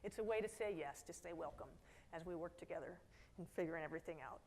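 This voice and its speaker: A middle-aged woman giving a conference keynote talk in a lively storytelling manner, slipping into quoted voices and asides to the audience. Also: fairly low pitch, fast talker, a little hiss or hum. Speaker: keynote speaker. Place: conference hall.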